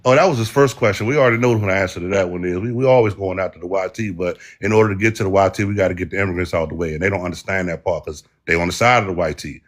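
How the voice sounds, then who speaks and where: A man's voice: sits low, steady tone, very fast, hardly any pauses. A man arguing bluntly in a heated debate, full of slang and hard questions. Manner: blunt, argumentative, uses slang. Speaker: debate participant. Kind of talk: heated street-style debate.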